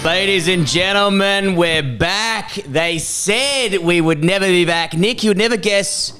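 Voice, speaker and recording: A man, a comedian, co-hosting a casual chat and telling stories in a rambling, animated way, swearing freely. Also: sits high, takes it slowly, soft background music. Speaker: comedian and podcast co-host.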